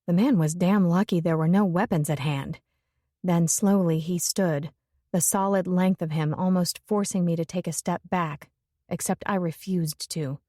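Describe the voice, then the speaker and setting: A woman narrating a first-person romance audiobook in a measured, introspective way. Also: fairly low pitch, fairly even intonation, warm tone, dry recording, clean studio sound.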